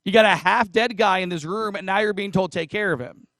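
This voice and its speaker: A man's voice: sits high, fairly quick, fairly bright tone, no room sound, studio quality. A man preaching a casual sermon, retelling a parable in a chatty, joking way with asides to the congregation. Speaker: pastor.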